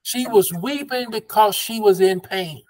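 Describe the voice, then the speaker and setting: A man's voice: high voice, unhurried, a little mellow. A man from the American South leading an interactive Bible study as pastor, conversational and affirming, drawing call-and-response.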